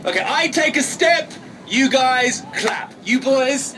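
In an outdoor city square, a man from England plays to the crowd as a street performer, loud, cheeky, teasing, and swearing for laughs. His very high voice is expressive and slow. With the mic far from the camera, his voice is distant beneath loud crowd noise and street ambience.

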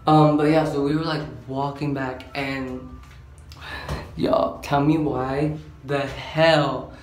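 A man's voice: mid-range voice, flat delivery, slow. An eighteen-year-old man telling a storytime in a rambling, slangy way, filling his talk with "like". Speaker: vlogger. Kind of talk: casual storytime chat. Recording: roomy echo, faint background hum.

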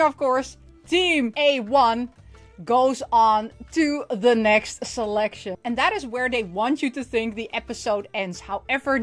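A woman hosting a casual anime recap and toy unboxing, excitable and often laughing as she acts out lines. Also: fairly high pitch.

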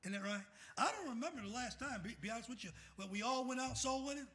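A middle-aged pastor preaching in a high, bright, ringing voice. He pauses mid-verse to ask the congregation to finish it. He swings from full-throated shouting to hushed, tender asides. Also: expressive. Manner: calls out "what?" for the congregation to fill in scripture; swings from shouting to soft and quiet. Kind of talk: fiery sermon.

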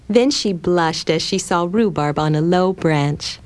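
A woman gently and expressively narrating a children's storybook. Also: low voice, normal speed, few pauses.

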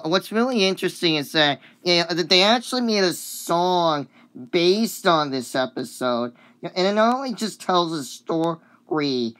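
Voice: mid-range voice, fairly bright tone. A sick, coughing video uploader chatting casually about a cartoon song, rambling and hesitant with many fillers and apologies.

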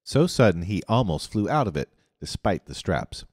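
A man narrating an audiobook in an expressive reading. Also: on the low side, normal speed, husky, no echo, studio quality, in a large hall. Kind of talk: scripted narration.

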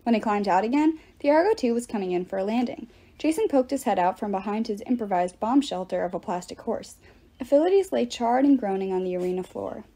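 A woman reads a novel aloud with lively, expressive narration. Her voice sits a little high, soft and mellow with a breathy edge. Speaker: reader.

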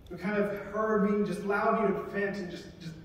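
A high-voiced male military chaplain preaching a sermon. He keeps it conversational and gives the scripture quotes voices of their own. He is picked up from across a big chapel, with a long, ringing reverb and a faint hum behind him. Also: fairly even intonation, fairly quick. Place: large chapel. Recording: echoey chapel from far off.

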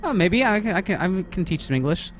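A man's voice: high voice, animated, fast, a little hiss or hum. A man putting on a comic Russian accent and broken English, reading a game's story aloud as a let's play host. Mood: hammy. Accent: put-on Russian. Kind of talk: comedic game reading.

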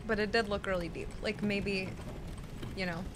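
A woman's voice: mid-range voice, fairly even intonation, moderate pace. A young woman streaming a game live, talking to her chat, frustrated and swearing. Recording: music playing loudly behind.

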